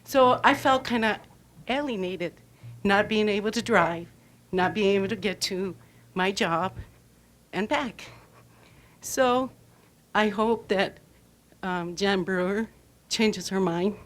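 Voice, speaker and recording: An older woman from Arizona speaking at a public comment, halting and emotional. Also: medium pitch. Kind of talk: public comment at a board meeting.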